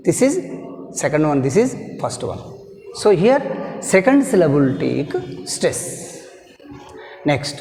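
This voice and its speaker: A man's voice: fairly high pitch, big pitch swings, unhurried, pauses often, warm tone. A man teaching an online English grammar lesson with a Telugu accent, repeating each word aloud and switching into Telugu to explain. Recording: echoey room with faint noise.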